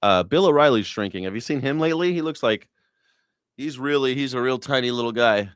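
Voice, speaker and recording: A man's voice: medium pitch, a little fast, clean tone, no room sound. Male host, comedic ranter, profane and loose, dry close sound. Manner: loose, profane, laughing storytelling. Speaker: show host. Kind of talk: comedic rant.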